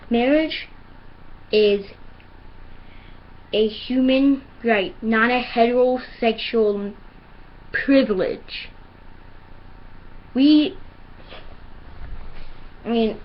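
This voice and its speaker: A woman with a slightly high voice rants earnestly and emphatically to a camera, speaking slowly. The audio is dull and lo-fi, with faint hiss underneath. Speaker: vlogger. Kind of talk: video rant.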